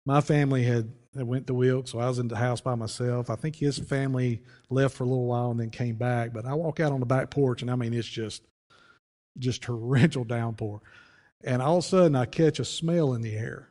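A pastor telling a story in a folksy, conversational sermon, with frequent restarts. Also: male voice, mid-range voice, steady tone, a little fast, dark tone. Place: church sanctuary. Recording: long church reverb.

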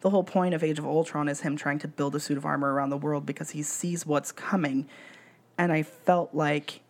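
A woman's voice: sits low, fairly even intonation, a little fast. A woman co-hosting a casual podcast chat, opinionated and playful. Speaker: podcast co-host.

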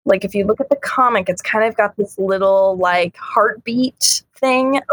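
A woman's voice: mid-range voice, measured pace, dry recording. A woman co-hosting a casual chat about a comic, frank and giggly, acting out lines as she goes. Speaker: podcast co-host.

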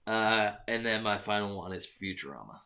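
Low-voiced man with a bright tone. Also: animated, moderate pace. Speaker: podcast co-host. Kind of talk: casual chat.

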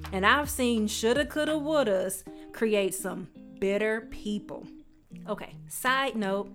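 A woman giving a sassy, emphatic motivational pep talk as a podcast host. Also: mid-range voice. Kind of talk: motivational monologue.

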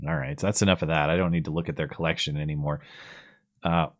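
A man hosting a live call-in show, relaxed, wry and questioning. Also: extremely low pitch, fast talker, no room sound, clean studio sound. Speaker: host. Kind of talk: casual call-in chat.

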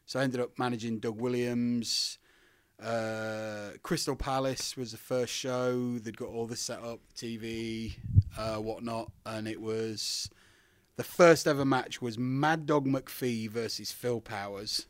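A man's voice: mid-range voice, fairly even intonation, a little slow, no echo. British male guest, chatty storyteller, dry close sound. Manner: chatty, laughs often. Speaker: guest, former wrestler. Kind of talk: casual storytelling.

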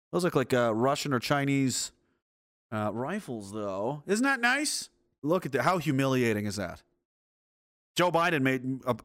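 Man, higher-pitched voice, angry news commentary, sarcastic and sweary. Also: a bit bright. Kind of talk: news reaction rant.

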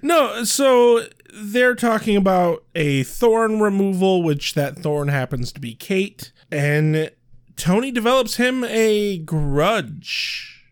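Slow-talking, wry podcast co-host. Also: medium pitch, animated, clear, resonant tone. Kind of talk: casual chat recapping a TV episode.

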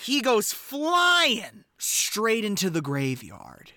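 A man co-hosting a podcast, joking and expressive while recapping a film. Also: high voice, no echo, studio quality. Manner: joking, expressive, drawn-out delivery. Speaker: podcast co-host. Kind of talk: casual chat recapping a film.

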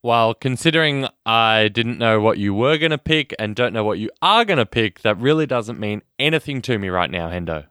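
A man's voice: mid-range voice, animated, normal speed, hardly any pauses, fairly bright tone, smooth, no echo, clean studio sound. A man co-hosting a film podcast in casual chat, joking and teasing his partner. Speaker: podcast co-host.

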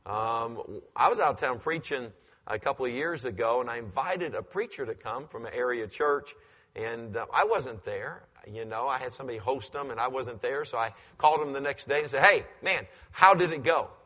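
A man in his fifties, a pastor telling animated stories in a sermon and acting out the voices. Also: medium pitch, normal speed. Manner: animated, acts out voices, climbs loud when excited. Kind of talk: storytelling in a sermon. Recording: long church hall reverb.

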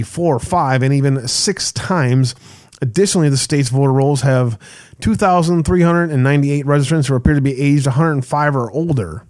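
A man hosting a casual online show, reading headlines and reacting with scoffing sarcasm. His voice sits at an ordinary middle pitch. He talks loosely, with plenty of laughs and blunt language. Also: darkish tone. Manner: sarcastic, laughs often, swears. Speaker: show host. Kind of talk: casual commentary reading news.

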